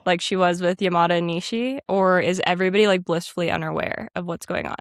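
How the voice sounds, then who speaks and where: A woman's voice: lowish voice, fairly even intonation, fast talker, dry recording, clean studio sound. A woman co-hosting a podcast, musing earnestly in casual chat about an anime. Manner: earnest, musing, many likes. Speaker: podcast co-host.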